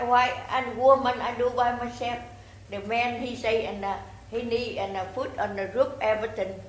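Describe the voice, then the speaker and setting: A woman with a Vietnamese accent, a native Vietnamese speaker, pleading during public comment at a city council meeting in halting, broken English full of restarts and repetitions. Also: fairly high pitch. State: distressed, pleading. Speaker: resident giving public comment. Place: city hall council chamber. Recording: echoey chamber with faint background noise.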